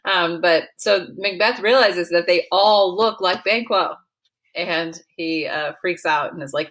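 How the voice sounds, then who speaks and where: Chatty woman co-teacher, lower voice. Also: measured pace, a bit bright. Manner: chatty, lots of fillers like "like" and "you know". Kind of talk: casual lesson chat.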